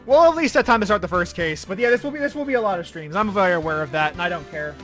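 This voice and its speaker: A man's voice: sits high, lively intonation, racing, fairly bright tone, faint music behind. A man streaming a video game, joking crudely and reading it aloud in his own voice. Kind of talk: casual let's play commentary.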